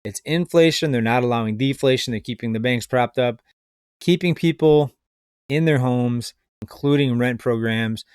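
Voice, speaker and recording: A man's voice: medium pitch, moderate pace, a little mellow, clean tone, dry recording, clean studio sound. Skeptical man rambling about the economy. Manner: skeptical, rambling, addresses viewers as folks. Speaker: finance commentator. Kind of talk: casual video commentary.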